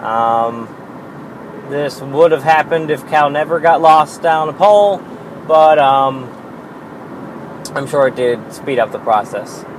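A man hosting his own podcast alone, rambling in a casual, self-deprecating way with lots of fillers and the odd swear word. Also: a little high. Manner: slow and drawn-out. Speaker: podcast host. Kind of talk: casual solo podcast monologue. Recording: noisy background hiss.

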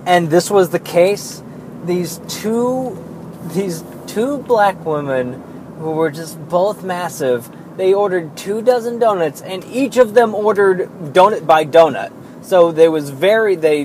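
A man's voice: high-pitched, animated, unhurried, a little mellow, slight background noise, low-quality recording. A man telling rambling, profane, exasperated stories in a casual monologue, talking in a car. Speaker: vlogger telling work stories.

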